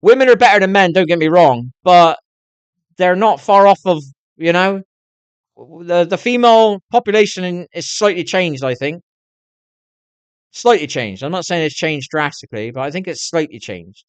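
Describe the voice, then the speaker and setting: A man's voice: high-pitched, normal speed, clean tone, dry recording. A middle-aged man chatting to his viewers on a live stream, swearing constantly and rambling on in a candid way. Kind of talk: casual rambling chat to viewers.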